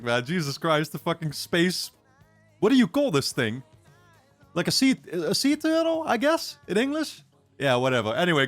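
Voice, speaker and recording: A man's voice: fairly high pitch, a bit bright, no echo. A man hosting a reaction video, giving casual commentary with chuckles and joking asides.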